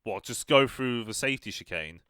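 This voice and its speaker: A man's voice: mid-range voice, animated, brisk, pushed and bright, smooth, dry recording. A young man muttering wry asides while commentating a racing game. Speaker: gaming channel host. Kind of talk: let's play commentary.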